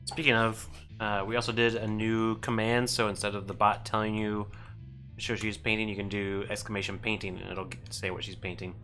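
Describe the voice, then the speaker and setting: A woman's voice: extremely low pitch, level tone, brisk, a bit bright, soft background music. A woman helping run the stream, making dry, offhand asides from across the room. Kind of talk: casual live-stream chat.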